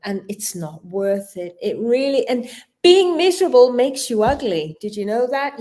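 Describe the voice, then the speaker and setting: A middle-aged British woman, a talk show guest, telling lively stories with frequent laughter. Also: mid-range voice. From Britain. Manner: expressive storyteller, laughs often. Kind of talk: live-streamed talk show chat.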